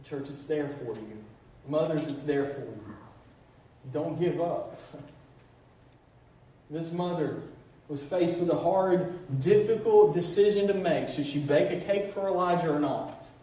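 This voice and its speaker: Middle-aged male pastor, high mellow voice, preaching with repeated call-outs and restarts; distant, echo-heavy church recording. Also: measured pace. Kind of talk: sermon. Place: church sanctuary. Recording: very echoey, distant church recording with faint noise.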